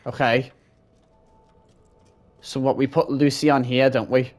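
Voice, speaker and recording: A man's voice: mid-range voice, fairly even intonation, unhurried, darkish tone, faint music behind. A man hosting a horror game playthrough, talking to his viewers in a jumpy, frightened way and swearing often. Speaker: gaming channel host. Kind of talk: let's-play commentary.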